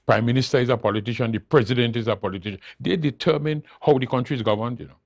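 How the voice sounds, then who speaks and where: An older man speaks as a studio interview guest, hammering his points by saying them again and again. His voice sits at an ordinary pitch, and the sound is close and dry with no room echo. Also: rapid-fire. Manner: emphatic, repeats key phrases for emphasis. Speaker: interview guest, political leader. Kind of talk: studio talk show interview.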